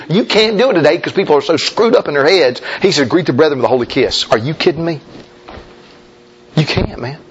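A man's voice: husky, muffled recording. A man preaching a folksy, emphatic sermon as a pastor, talking straight to his congregation. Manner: folksy, emphatic preaching, mimics objectors in a high voice.

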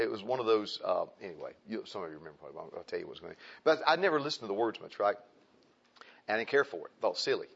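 A man's voice: mid-range voice, fairly bright tone, slightly rough, dull audio. A man preaching a sermon in a folksy, conversational way, asking his listeners frequent rhetorical questions.

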